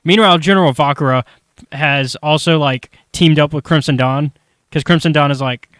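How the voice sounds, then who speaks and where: A man's voice: a little high, fairly bright tone, clean tone, no room sound, studio quality. A man chatting casually as a podcast host, rambling through a story recap and briefly voicing the characters. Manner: rambling, acts out characters in quick asides. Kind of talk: casual chat recapping a comic.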